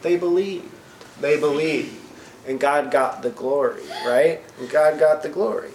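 A man's slightly raised voice fills a roomy church hall as he preaches. He reads scripture with slow emphasis, then breaks it down plainly, checking in with the room over and over. Faint ambience hangs under the echo. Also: fairly high pitch, a little mellow, a little hiss or hum. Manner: asks the congregation questions, frequent "right?". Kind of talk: sermon with scripture reading.

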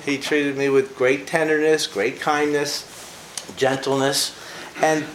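With a slightly high, fairly bright voice, an older preacher talks slowly and in a level tone. His informal devotional talk is folksy storytelling about his own life, chatty and sprinkled with laughs and fillers, recorded in an echoey space with faint ambient sound.

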